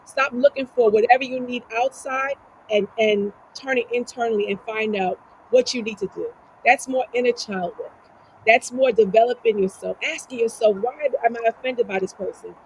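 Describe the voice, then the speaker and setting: Female life coach guest, earnest and motivational, slightly high, gravelly delivery. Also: a little hiss or hum, poor audio. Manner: earnest, motivational, asks herself rhetorical questions. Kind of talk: casual conversation.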